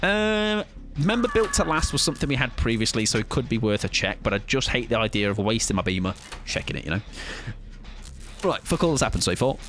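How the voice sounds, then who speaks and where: A man's voice: medium pitch, expressive, a little fast, a bit bright, slight background noise. A man streaming a game, chatting casually to his viewers, rambling and joking with casual swearing. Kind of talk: casual live-stream chat during gameplay.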